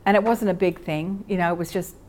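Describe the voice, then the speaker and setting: A woman's voice: fairly low pitch, steady tone, fairly quick, darkish tone, a little hiss or hum. A woman teaching at a church session, talking in a conversational way with fillers and self-corrections. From Australia. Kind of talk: sermon teaching.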